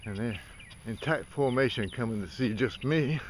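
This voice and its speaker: A man's voice: mid-range voice, moderate pace, a little hiss or hum. A man filming outdoors by a pond, chatting and coaxing ducks in a playful, teasing way. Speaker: vlogger. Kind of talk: casual talk to animals while filming.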